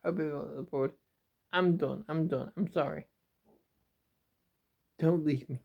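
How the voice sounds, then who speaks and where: A man's voice: on the high side, fairly even intonation, gravelly, slightly rough. A man from England talking to his camera in a rambling, emotional home vlog, often repeating and restarting himself. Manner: emotional, repetitive, halting. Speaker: YouTuber. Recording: dull lo-fi home recording.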